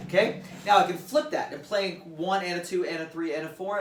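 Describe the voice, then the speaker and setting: A man's voice: high-pitched, a little fast, few pauses, background noise. A man teaching drum grooves in a casual demo, counting beats aloud and explaining plainly at his kit. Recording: roomy and distant, loud drums behind. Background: loud drum playing.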